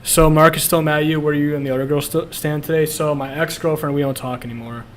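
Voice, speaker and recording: A man's voice: on the high side, steady tone, fast talker, slight background noise. A young man streaming, chatting casually and bluntly about his past, swearing a lot and laughing at himself. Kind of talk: casual confessional chat.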